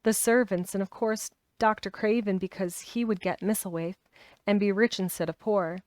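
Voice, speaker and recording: A woman reading aloud voices a sickly, bedridden young boy who talks crossly and resentfully, jumping up into high outbursts. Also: fairly even intonation, moderate pace, a little mellow, dry recording, lightly acted.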